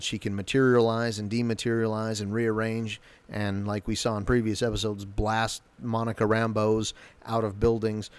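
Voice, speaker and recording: A man giving a casual, rambling spoken recap of a TV episode, often correcting himself as he goes. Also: fairly low pitch. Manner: rambling, self-correcting, acts out quotes.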